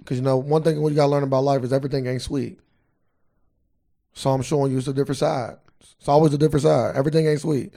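Fast-talking sarcastic young man. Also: mid-range voice, level tone, vocal fry, dark tone. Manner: sarcastic, needling, mock-indignant. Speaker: podcast co-host. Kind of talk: casual chat.

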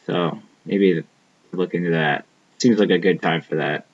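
A young man with a somewhat low voice talks loosely in a casual podcast chat. He rambles, swears freely and leans on filler words, often trailing off mid-thought. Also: a little slow, breathy edge, lo-fi sound. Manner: rambling, profane, trailing off with lots of "like".

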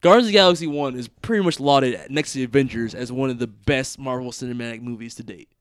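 A man's voice: medium pitch, fast talker, clear, resonant tone, dry recording, clean studio sound. A young man hosting a casual movie review podcast, loose and jokey, often trailing off mid-sentence. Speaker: podcast host.

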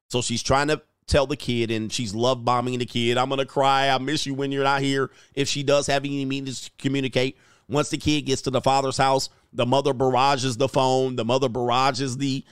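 A man's voice: mid-range voice, smooth, no room sound. Man, crude, mocking, blunt, casual stream commentary, dry close sound. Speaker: host of a live stream. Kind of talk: casual live-stream commentary, reading chat.

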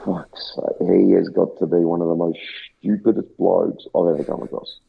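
A man's voice: sits low, little pitch movement, normal speed, creaky. A man with an Australian accent, co-hosting a casual sports podcast with brash, sweary banter. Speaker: podcast co-host. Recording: tinny phone-like line.

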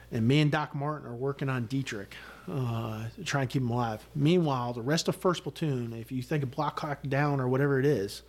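On a podcast, a middle-aged retired Army sergeant major relates a combat story in a medium-pitched voice. He speaks bluntly and vividly, swearing and leaning on frequent fillers.

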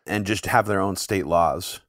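A man's voice: low-pitched, measured pace, fairly bright tone, no echo, clean studio sound. A man co-hosting a political podcast, talking at length with a sarcastic edge in long, run-on sentences. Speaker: podcast co-host. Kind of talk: casual political podcast chat.

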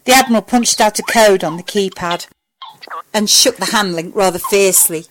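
A woman narrating a fan fiction story in a steady, even way. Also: medium pitch, normal speed, a little hiss or hum, rough recording.

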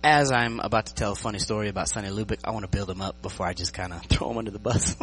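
A man talks very fast in a lowish voice, preaching as pastor over a rough recording with a little hiss or hum. His sermon is lively and full of jokes, and he keeps checking in with the congregation.

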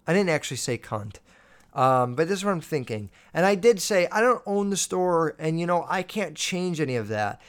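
Young guy podcast rant, cursing a lot, acting out the customer, kinda high smooth voice. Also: moderate pace. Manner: profane, animated, acts out customer dialogue. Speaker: podcast host. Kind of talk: casual storytelling rant.

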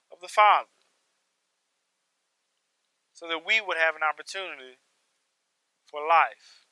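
A man preaching a sermon with emphasis, piling up repeated phrases and swinging between loud stresses and hushed lines. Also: high voice, dry recording, rough recording.

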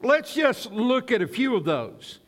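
A man preaching a sermon as pastor, praying and then reading Scripture with slow, deliberate emphasis. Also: very high voice, big pitch swings. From United States.

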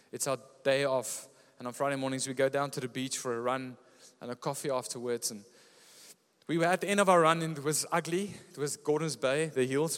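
A man preaching a sermon as pastor, telling stories with lively energy. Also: mid-range voice, clean tone, in a large hall. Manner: lively storytelling preacher, often laughing. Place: church.

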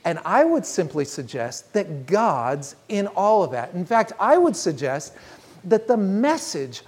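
A woman preaching a sermon, telling a story in an earnest, measured way and slowing down on key phrases. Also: on the low side, very animated, a little mellow, husky.

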